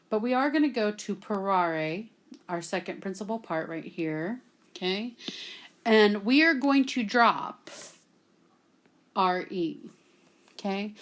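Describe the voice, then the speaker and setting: A woman from Texas, teaching a classroom grammar lesson at a whiteboard and patiently checking in with "okay?" after nearly every point. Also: mid-range voice. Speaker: Latin teacher.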